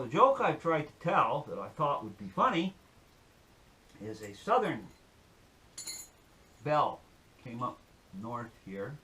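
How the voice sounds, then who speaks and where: A man's voice: on the high side, pushed and bright, slight background noise. A man giving a folksy, rambling demonstration and telling a joke on his channel. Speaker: outdoor-skills YouTuber.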